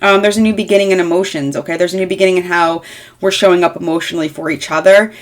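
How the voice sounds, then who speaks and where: A woman in her thirties talks through a tarot reading in a casual, rambling way. Her voice sits a little low. She is frank, swears lightly and fills her sentences with fillers. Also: steady tone, very fast. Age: 30s. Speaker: tarot reader.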